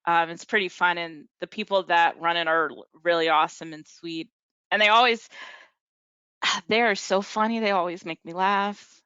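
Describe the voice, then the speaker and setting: Clear-voiced woman on a video call. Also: lowish voice, fairly even intonation, moderate pace, bright, forceful tone, no echo. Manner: hesitant, many ums and likes. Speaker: support group member. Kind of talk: casual video call chat. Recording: muffled video call audio.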